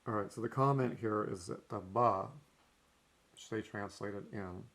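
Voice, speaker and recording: This male teacher's voice is on the low side and a bit bright, and he talks a little slowly. He works through his notes for a recorded language lesson in a methodical way, marking each step with "okay."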